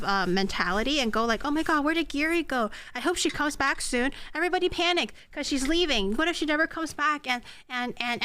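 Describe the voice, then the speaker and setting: A young woman streams from her home kitchen, cooking and bantering with chat. Her voice sits high and bright. She teases her viewers and often breaks into laughter. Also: clean tone. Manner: playful, teasing, bursts into laughter. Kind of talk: casual live-stream chat while cooking.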